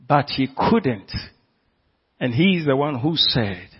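A man's voice: mid-range voice, expressive, slow, pauses often, husky, highs cut off. A man preaching a sermon as pastor, pressing the congregation with repeated questions.

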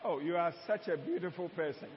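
A man preaching to his congregation, his voice pitched high and bouncing off a long-echoing hall. He teaches, jokes and calls out to the room between points. The sound is muffled and dull. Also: brisk, a little hiss or hum. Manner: preaching with call-and-response asides and laughter. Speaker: pastor. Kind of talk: sermon. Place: church hall.

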